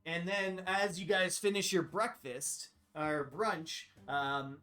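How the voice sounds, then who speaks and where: A man's voice: sits high, takes it slowly, bright, forceful tone. Chatty male game master. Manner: chatty, many fillers, laughs often. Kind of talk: narrating a tabletop game.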